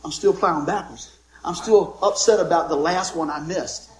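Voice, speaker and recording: A man's voice: on the high side, moderate pace, roomy sound, very noisy. A middle-aged man preaching a sermon, telling folksy jokes and stories and calling out for amens from the congregation. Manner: folksy, joking storyteller with call-and-response amens. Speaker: pastor.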